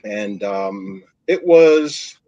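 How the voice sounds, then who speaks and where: A man recalling casting, speaking haltingly with many fillers in a casual chat. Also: on the low side, animated, mellow, no room sound. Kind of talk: casual chat on a live stream. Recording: dull dry recording.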